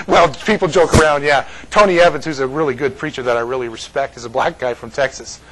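A man's voice: fairly high pitch, brisk, background noise. A man from California giving informal Bible teaching to a small group, joking and laughing often between his points.

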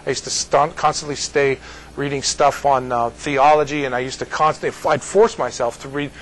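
A man's voice: mid-range voice, steady tone, normal speed, fairly bright tone, slight background noise, rough recording. A man as pastor giving conversational Bible teaching, rambling and folksy, often asking "you see?".

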